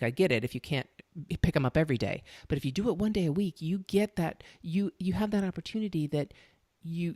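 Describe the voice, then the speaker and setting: A middle-aged woman hosting a podcast, telling stories in a chatty, animated way. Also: low voice, no room sound, clean studio sound. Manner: chatty storyteller, animated when excited. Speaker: podcast host. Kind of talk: casual interview chat.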